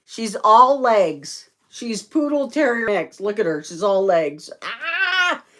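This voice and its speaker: A woman hosting a casual livestream from home, chatting in a rambling, easygoing way and cooing at her dogs in a high baby-talk voice. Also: animated, slow pace. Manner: chatty and rambling, with fillers and laughs. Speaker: livestream host. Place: at home indoors.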